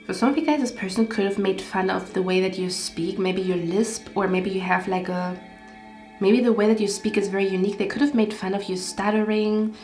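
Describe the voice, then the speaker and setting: A woman's voice: mid-range voice, fairly even intonation, brisk, darkish tone. A woman giving a casual tarot reading, rambling and getting heated, swearing often. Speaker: tarot card reader. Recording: echoey room, faint background music.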